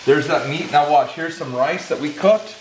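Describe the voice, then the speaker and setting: A man's voice: on the high side, normal speed, noisy background. Folksy Southern man cooking. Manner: emphatic, folksy, talks straight to viewers. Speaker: fishing channel host cooking for a guest. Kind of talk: casual on-camera chat while cooking. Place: home kitchen, indoors. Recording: echoey kitchen. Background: food sizzling in a pan.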